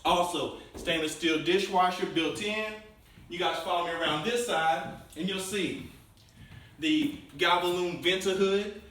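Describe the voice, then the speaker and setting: A man hosting a walkthrough home tour, pitching each room to viewers with salesman enthusiasm. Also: unhurried, fairly bright tone, far from the mic. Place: inside a show home, bare rooms. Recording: very echoey room, voice from off the mic.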